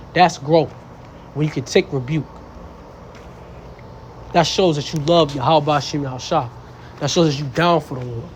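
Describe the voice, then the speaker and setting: A man's voice: a little high, a little hiss or hum. A young man teaching scripture in a blunt, profane, casual way, mocking fools and quoting verses. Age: young adult. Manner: blunt, profane, mocks foolish people in voices. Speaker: street preacher.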